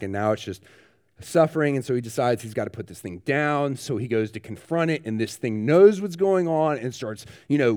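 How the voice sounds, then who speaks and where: A man's voice: medium pitch, clear, resonant tone. A man preaching a sermon, telling vivid stories with growing animation. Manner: animated storyteller, rising excitement, laughs. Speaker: pastor. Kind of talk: sermon storytelling.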